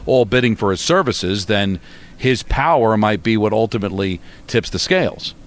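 Measured male sports radio co-host. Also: on the low side, animated.

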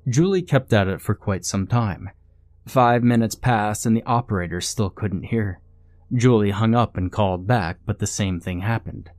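A man reading a first-person horror story in a steady, measured way. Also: lowish voice, no room sound, faint music behind. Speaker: narrator. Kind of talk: scripted horror story narration.

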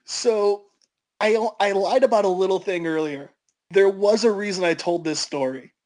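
A man on a podcast telling a story to friends, animated and building suspense. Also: sits high, normal speed. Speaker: podcast co-host. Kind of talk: casual storytelling.

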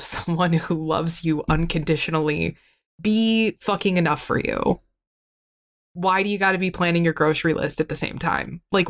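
Tearful rambling woman, swearing and self-critical. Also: fairly low pitch. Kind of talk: emotional candid conversation.

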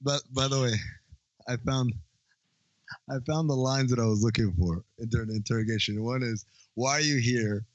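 A man's voice: mid-range voice, no echo, highs cut off. A man co-hosting a podcast, chatting casually about a movie, swearing freely and laughing often. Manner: animated, swearing, quick to laugh. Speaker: podcast co-host.

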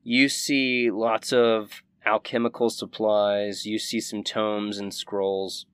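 A man's voice: fairly low pitch, flat delivery, slow pace, a bit bright, clear, resonant tone. A man narrating a tabletop game as game master, casual and hesitant, with many fillers.

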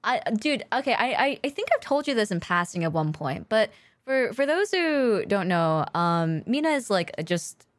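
Lively young woman with a very dry sound. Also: mid-range voice, moderate pace, no echo. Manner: laughing, swearing, rambling with many fillers. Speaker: podcast co-host. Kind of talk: casual chat.

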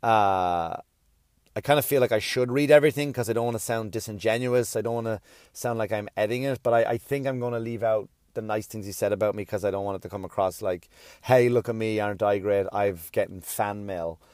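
A man's voice: lowish voice, fast talker, a little mellow, no room sound. Guy rambling on his podcast, swears a lot, kinda self-deprecating, dry close mic sound. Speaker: podcast host. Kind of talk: casual podcast monologue.

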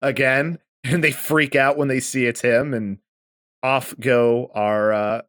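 A man co-hosting a podcast, casually recapping a manga and acting out the characters' lines with lively energy. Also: medium pitch, slow, dry recording, studio quality. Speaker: podcast co-host.

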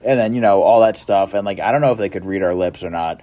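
A young man telling stories in casual podcast chat, animated, with lots of swearing and filler words. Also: lowish voice, fast talker, muffled recording.

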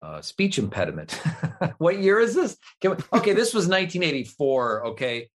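Animated man telling a joke. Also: a little high, normal speed. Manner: animated storyteller, laughs often. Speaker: guest. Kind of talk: casual anecdote, telling a joke.

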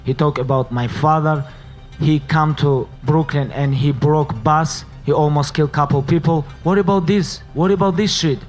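A fighter answering questions in earnest, non-native English with loose grammar. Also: male voice, on the high side. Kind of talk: interview answers.

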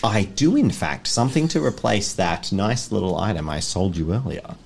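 A man's voice: on the low side, sing-song, normal speed, vocal fry, a little hiss or hum. A man voicing a shady, smarmy male street peddler with slick sales patter in a tabletop game.

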